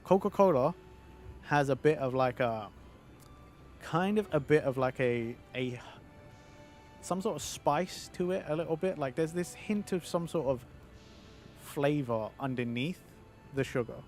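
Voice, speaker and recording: A man's voice: fairly high pitch, expressive, a little slow, pauses often, a little mellow, faint music behind. A British man streaming a game in casual chat, rambling, swearing and answering his viewers.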